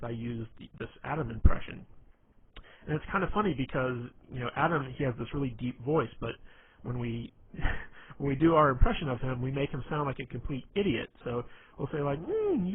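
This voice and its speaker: Casting: man with an average voice, chatty advice presenter, lots of fillers, faint hiss. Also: mid-range voice. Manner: rambling, heavy with fillers like "you know". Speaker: dating and humor advice presenter. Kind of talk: casual instructional talk. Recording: tinny phone-like line, faint hiss.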